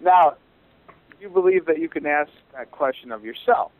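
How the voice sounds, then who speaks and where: A man asking theological questions, hesitant and halting with many restarts. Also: on the high side, no room sound. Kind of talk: theological discussion. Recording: tinny phone line.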